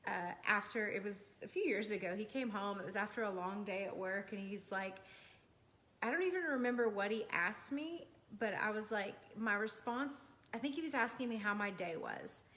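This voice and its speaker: A woman's voice: medium pitch, moderate pace, a bit bright. A woman co-teaching a talk on marriage, earnest and personal, telling stories about her own home life. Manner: earnest, storytelling, laughs often. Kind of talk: sermon-style couple talk.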